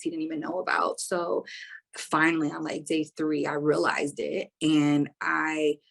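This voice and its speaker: A woman, a podcast guest, telling a story casually in an animated, profane, slangy way. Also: sits low, gravelly, poor audio.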